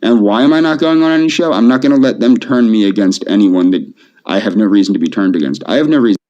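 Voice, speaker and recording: Soft flat-voiced man, muffled lo-fi audio. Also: fairly low pitch, fast. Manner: soft, repetitive, emotionally flat. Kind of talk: pleading video monologue. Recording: dull lo-fi video audio.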